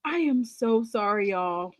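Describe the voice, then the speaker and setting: A woman's voice: mid-range voice, animated, moderate pace, fairly bright tone, no room sound. A woman hosting a casual sports talk show late at night, laughing hard, apologizing and teasing. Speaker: show host. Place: home studio, late at night.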